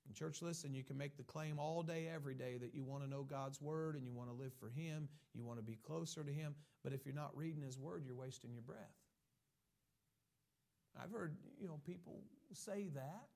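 A man preaching a sermon, reading scripture slowly and building to emphatic, rising bursts as he addresses his church. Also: fairly high pitch, expressive, creaky, darkish tone. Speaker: pastor.

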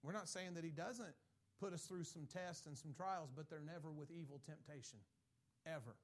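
A man's voice: fairly high pitch, normal speed. A man preaching a sermon with emphatic delivery, reading scripture and mimicking people's excuses. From has Irish ancestry. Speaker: pastor.

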